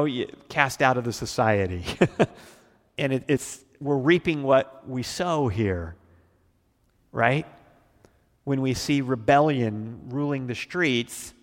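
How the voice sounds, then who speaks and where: A man's voice: medium pitch, in a large hall. A middle-aged male pastor teaching the Bible verse by verse, telling folksy stories with frequent chuckles.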